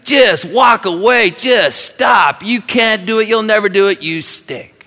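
A man voicing a cruel young boy bully who shouts taunts, heard with long hall reverb. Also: sits high, unhurried, soft background music, pitched above the performer's own voice, heavily acted. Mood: taunting.

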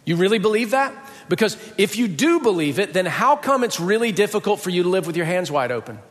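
Emphatic preacher in a reverberant hall. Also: male voice, sits high, sing-song, a little fast. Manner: emphatic, repeats rhetorical questions. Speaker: pastor. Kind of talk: sermon. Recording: long reverb of a large hall.

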